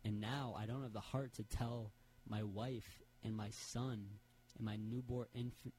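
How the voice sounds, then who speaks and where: A man's voice: on the low side, dark tone, a little hiss or hum, lightly acted, poor audio. A man voicing a downtrodden male moth who rambles and stammers through his troubles.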